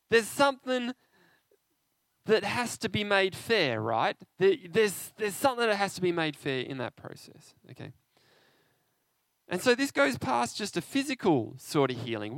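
A man preaching an interactive sermon, animated and conversational, often asking his listeners questions. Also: sits high, dry recording.

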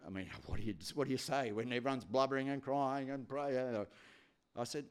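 A man's voice: medium pitch, steady tone, fairly quick, clear, resonant tone. A man preaching a sermon, telling a story with many repetitions.

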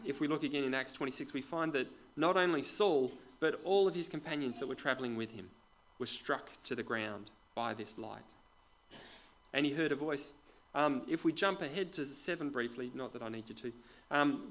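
A man preaching a sermon to a congregation in a conversational way, putting questions to the listeners and dropping into quiet asides. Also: medium pitch, low-quality recording. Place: church with a congregation.

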